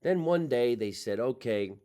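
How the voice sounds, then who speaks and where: A man's voice: on the low side, normal speed. A man with a New Jersey accent hosting a comedy podcast, telling stories in a casual chat. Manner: chatty storyteller, laughs often.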